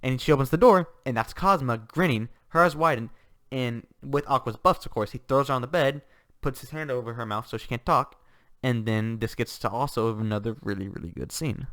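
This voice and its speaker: A man's voice: medium pitch, fairly quick, fairly bright tone, dry recording, clean studio sound. A man giving a casual, enthusiastic book review, rambling with restarts and laughter.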